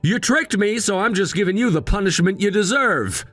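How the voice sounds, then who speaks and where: An actor playing an arrogant, snobbish young fiancé who talks down to others with a sneer, in a dramatized text story. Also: male voice, high-pitched, expressive, moderate pace, a bit bright, dry recording, soft background music. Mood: contemptuous. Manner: sneering, condescending.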